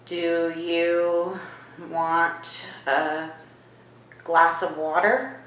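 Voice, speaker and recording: A woman vlogging in her home kitchen. She asks a spirit hushed questions and turns to viewers with excited asides. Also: lowish voice, very slow, echoey room, rough recording. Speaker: vlogger host. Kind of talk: casual paranormal vlog.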